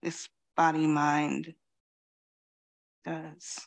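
A middle-aged woman from Queens giving a reflective dharma talk as a Zen teacher, pausing often and saying "you know". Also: deep voice, completely flat delivery, vocal fry. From Queens, New York City. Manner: slow, reflective, many pauses and "you know".

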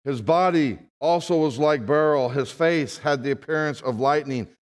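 A man's voice: a little high, normal speed. Preaching man in a reverberant church. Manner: dramatic preaching, swings from hushed to loud. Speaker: pastor. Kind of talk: sermon. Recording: long hall reverb.

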